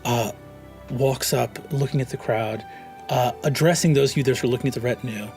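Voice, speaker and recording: Halting male game master. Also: medium pitch, soft background music. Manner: relaxed, halting, many fillers. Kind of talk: narrating a tabletop game.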